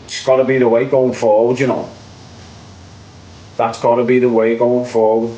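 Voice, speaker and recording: A man's voice: medium pitch, flat delivery, normal speed, warm tone, low-quality recording. A young man with a Liverpool accent, ranting opinions on his online show in a casual, repetitive way, ending lines with "mate". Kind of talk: casual livestream rant.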